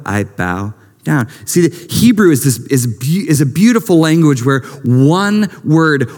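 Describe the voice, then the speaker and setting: Middle-aged male pastor, higher-pitched, fervent sermon delivery, big reverberant sanctuary. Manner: impassioned, swings from hushed to lifted. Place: church sanctuary. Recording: long reverb of a large hall.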